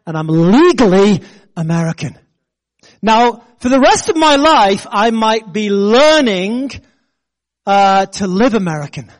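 A middle-aged British man preaching a sermon with an English accent, animated and joking at his own expense as he makes his point. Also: sits high, measured pace. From Britain. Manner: animated preaching with self-deprecating jokes and laughter. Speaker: pastor.

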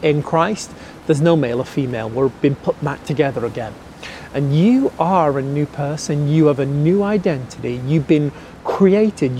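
A middle-aged man, preaching a sermon earnestly and slowing down to stress key words. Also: on the high side, a little mellow, slight background noise. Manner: earnest, repeats key phrases slowly for emphasis. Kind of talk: sermon teaching.

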